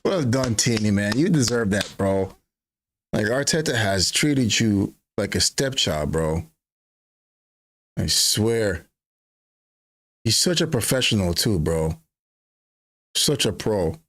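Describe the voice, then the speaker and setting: A man hosting a fan watch-along, giving casual live match commentary in slang, swinging between flat grumbling and excited yelps. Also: on the low side, slow, pauses often. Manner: slangy, keeps saying bro.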